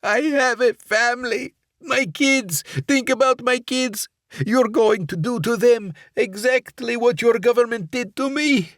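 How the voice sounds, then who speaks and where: A man's voice: very high voice, unhurried, fairly bright tone, dry recording, clean studio sound, pitched above the performer's own voice, exaggerated voice. A man voicing a terrified male captive who begs for his family's sake in a strained, pleading voice. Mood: desperate pleading.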